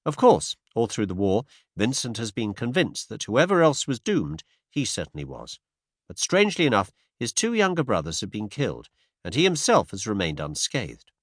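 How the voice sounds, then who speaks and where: In a studio-quality recording free of room sound, a man with a lowish voice narrates a classic detective story for an audiobook. The scripted reading is measured and expressive, in a storyteller's manner.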